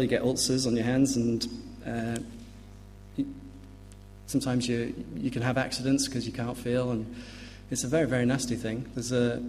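A man preaching an earnest sermon, emphatic and dropping to a hush on grave points. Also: mid-range voice, a little hiss or hum. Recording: long hall reverb.

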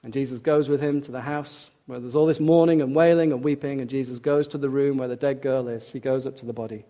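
A man preaching a sermon, retelling stories with dramatic shifts between loud outbursts and hushed lines. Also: medium pitch, steady tone, fast, dull audio. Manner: dramatic storytelling, acting out quoted voices.

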